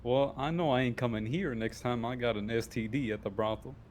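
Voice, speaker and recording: A man's voice: medium pitch, a little fast, a little mellow, close to an everyday voice. A man voicing a crude, hot-tempered man who makes a rude parting jab. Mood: spiteful.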